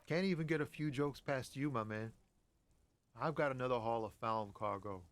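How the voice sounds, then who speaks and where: A man's voice: mid-range voice, moderate pace, lightly acted. A man voicing a laid-back lorry driver in a video game, talking in a casual, chatty, gossipy way. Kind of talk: voiced game dialogue.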